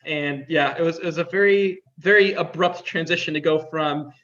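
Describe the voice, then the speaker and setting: A man's voice: fairly high pitch, moderate pace, a bit bright. A young man telling stories as an interview guest in a chatty way, with lots of filler words. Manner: chatty, heavy use of "like" fillers. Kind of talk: casual storytelling. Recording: dull lo-fi sound.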